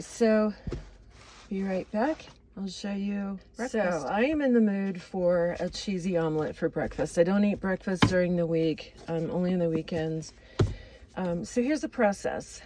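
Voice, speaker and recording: A woman's voice: mid-range voice, normal speed, dark tone, a little hiss or hum, low-quality recording. A woman chatting casually as she cooks in a motorhome kitchen, rambling and laughing at her own slips. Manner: chatty, rambling, self-deprecating. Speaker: vlogger. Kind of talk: casual cooking vlog.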